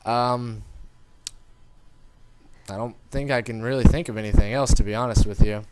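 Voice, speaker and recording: A man's voice: medium pitch, steady tone, moderate pace, heavy background noise. A man giving casual gameplay commentary, rambling and informal, talking straight to his viewers. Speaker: gaming commentator.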